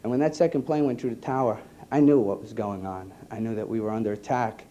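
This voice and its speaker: A man, an EMT giving an earnest personal testimony to an audience, halting and repeating his words. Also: lowish voice, fairly even intonation, warm tone, dull audio. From New York. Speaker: EMT speaking to a conference.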